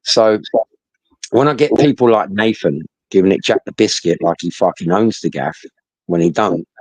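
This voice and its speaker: A man's voice: low voice, moderate pace, a little mellow. The voice is a middle-aged man talking bluntly and swearing freely, circling back over his words as he tells a story. The sound is dry and close, with no room echo. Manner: blunt, sweary, repeats himself. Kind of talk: casual storytelling.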